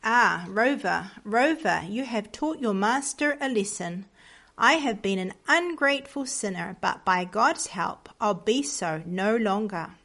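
A woman reading the lines of a gruff, proud man who owns a dog, in her own gravelly voice. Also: medium pitch, animated, a little slow, fairly bright tone. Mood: choked up. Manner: gruff, then tearful and repentant.

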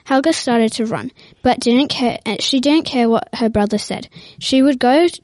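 Woman, storybook reading, hesitant with restarts, highish voice, dry sound. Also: moderate pace, darkish tone, no room sound.

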